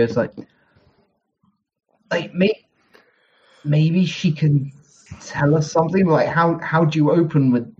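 A wry man plays a character in a tabletop game over a call, hesitating and filling his pauses. His voice is a little high for a man, and his mic sounds dull with faint hiss and clicks behind him. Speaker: player.

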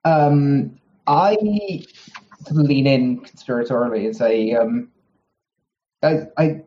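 A man's voice: medium pitch, fairly even intonation, takes it slowly. A man playing a character in an online tabletop game, wry and hesitant, with many fillers. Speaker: player. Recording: dull mic with faint hiss and clicks.

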